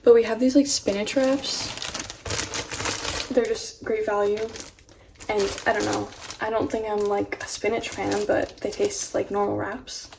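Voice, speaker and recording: A woman's voice: medium pitch, flat delivery, a little slow, creaky. A young woman vlogging casually at home, rambling with lots of "like" fillers. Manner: chatty, rambling, many "like" fillers. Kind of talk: casual home vlog chat. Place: at home, in a room with a mini fridge. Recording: distant home camera with faint fridge hum. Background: humming mini fridge.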